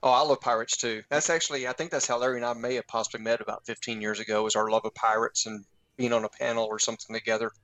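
A man's voice: mid-range voice, level tone, fast talker, fairly bright tone, no room sound, rough recording. Author guy on a show, mid voice, chatty, tells stories, laughs a lot. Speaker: author guest. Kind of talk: casual interview chat.

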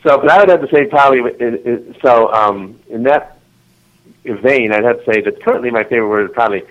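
A man's voice: mid-range voice, a little fast, lo-fi sound. A man being interviewed as an author, chatting casually and rambling with lots of restarts and giggles. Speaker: author guest.

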